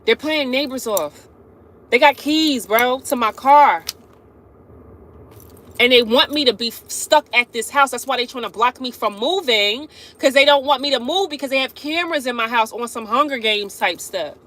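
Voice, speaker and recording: A woman's voice: high voice, normal speed, fairly bright tone. A woman hosting a casual live stream, talking straight to her viewers, laughing often and calling them back again and again. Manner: chatty, laughs often, keeps addressing viewers directly.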